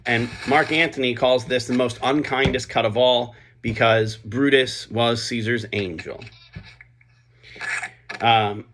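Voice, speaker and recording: A man's voice: mid-range voice, a bit bright. A man retelling a play's plot in a casual spoken summary, chatty, with frequent fillers and asides.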